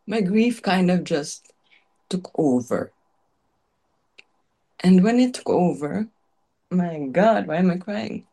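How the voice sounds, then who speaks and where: A woman chef tells her story in a loose, candid way, full of casual fillers and emotional turns. Her voice sits on the low side for a woman. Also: animated, takes it slowly, pauses often, dark tone. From Filipino heritage. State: tearful at times. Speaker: chef, interview guest.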